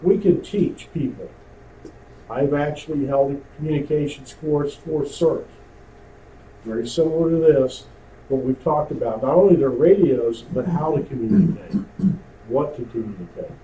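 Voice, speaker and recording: A man lecturing a club class, heard from across an echoey room with a faint hiss under him. His voice sits a little high but sounds mellow and dark, and he keeps tossing questions to the audience. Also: moderate pace. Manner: conversational, asks the room questions. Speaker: amateur radio instructor. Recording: roomy, distant, faint hiss.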